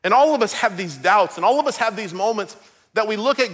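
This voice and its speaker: Bright-voiced, high-pitched male pastor preaching. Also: lively intonation, fairly quick. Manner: storytelling, emotional, shifting from loud to hushed. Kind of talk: sermon.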